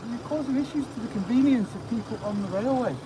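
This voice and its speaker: A man's voice: extremely high pitch, fast talker, dark tone, low-quality recording. A man working as a railway official, scolding a filmer outdoors by a station. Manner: scolding, reproachful.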